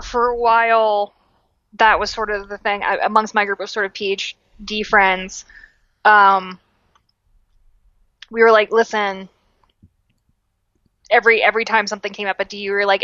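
Speaking at a moderate pace with frequent pauses, a young adult woman of medium pitch co-hosts a podcast and explains history informally. She's lively and self-correcting, with many fillers and restarts, and the recording is dry and dull.

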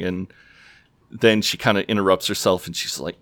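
A man's voice: low voice, fairly even intonation, normal speed, a bit bright, no room sound. A man co-hosting a casual podcast, recapping a TV episode and briefly acting out the characters' lines. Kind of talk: casual chat.

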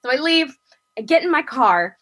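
Animated breathy woman telling a story. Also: moderate pace. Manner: animated, acts out quotes with big pitch jumps, laughs often. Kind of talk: casual storytelling chat.

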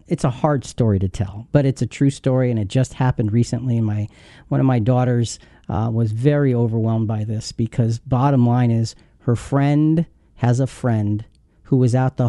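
A man's voice: mid-range voice, dark tone, no echo, clean studio sound. A man in his fifties hosting a Bible teaching show, telling a painful story in a heartfelt, earnest way. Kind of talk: earnest devotional talk.

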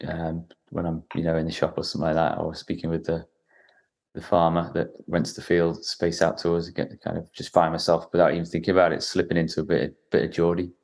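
A man's voice: sits low, completely flat delivery, fast talker, a little mellow. A man from Newcastle, England, hosting a podcast in a casual conversation, rambling along with many restarts and fillers. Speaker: podcast host.

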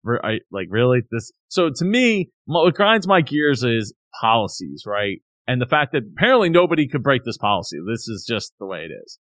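Brief: male co-host, lively complaining storyteller, dry recording. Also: mid-range voice, a little fast, hardly any pauses, dry recording. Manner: animated, ranting, mock-quoting others. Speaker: podcast co-host. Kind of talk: casual chat, telling a complaint story.

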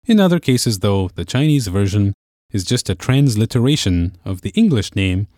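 A man's voice: on the low side, very animated, normal speed, dark tone, no echo, studio quality. A man teaching a podcast language lesson, explaining patiently step by step.

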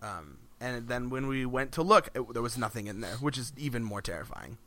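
A man's voice: mid-range voice, animated, fairly quick, pushed and bright. A man co-hosting a podcast in casual chat, rambling with frequent restarts and laughs between phrases. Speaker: podcast co-host.

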